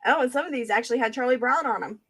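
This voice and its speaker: A woman's voice: fairly high pitch, very fast, a bit bright, husky. Chatty woman running a live auction. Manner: chatty, talks to chat viewers by name while handling items. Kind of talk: casual live-stream auction chat.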